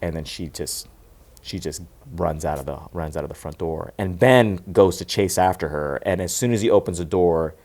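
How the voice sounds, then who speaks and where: A man with a fairly low voice walks through a movie's plot in loose, casual chat. He rambles, restarts his sentences, and breaks into laughter often, like a co-host riffing with a friend. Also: moderate pace, darkish tone. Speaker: podcast co-host.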